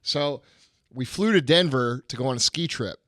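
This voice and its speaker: A man hosting a podcast who teases his guest with quick, profane jokes. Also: mid-range voice, a bit bright, no echo, studio quality. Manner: teasing, profane, jumps in with jokes. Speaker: podcast host. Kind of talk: casual banter.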